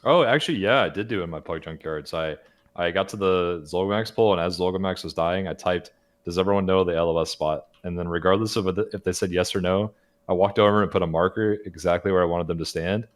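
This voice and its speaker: Man, very low voice, rapid delivery, podcast co-host, matter-of-fact. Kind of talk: casual gaming chat.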